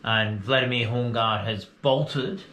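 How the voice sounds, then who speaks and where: A man running a tabletop game as game master, unhurried and halting with fillers. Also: mid-range voice, pushed and bright, roomy sound, a little hiss or hum, rough recording.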